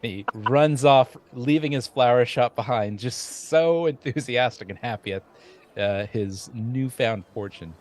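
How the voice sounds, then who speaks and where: A man's voice: mid-range voice, measured pace, darkish tone. A man narrating as game master in a tabletop game, easygoing.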